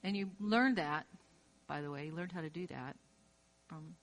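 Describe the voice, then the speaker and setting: A woman's voice: low-pitched, normal speed. A woman preaching a sermon, talking straight to her listeners with strong emphasis and acting out quoted inner voices. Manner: emphatic, direct address to listener.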